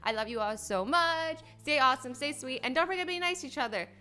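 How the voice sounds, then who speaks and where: A woman's voice: high-pitched, animated, fast, bright, forceful tone, soft background music. A woman hosting a reaction video, commenting on clips with incredulous, scolding rhetorical questions. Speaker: YouTube reaction host.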